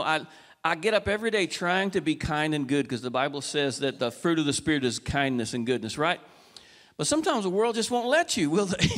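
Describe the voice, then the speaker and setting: A man preaching a folksy sermon, asking the congregation questions and moving from quiet, casual talk to raised, urgent calls. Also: high-pitched, long reverb tail. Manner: swings between soft conversational talk and raised, urgent exhortation. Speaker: pastor. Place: church sanctuary.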